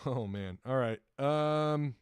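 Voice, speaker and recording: A man's voice: mid-range voice, slow pace, clear, resonant tone, dry recording. A man hosting a casual sports talk livestream, rambling and chuckling often, reading viewer comments and sponsor plugs. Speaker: sports talk show host.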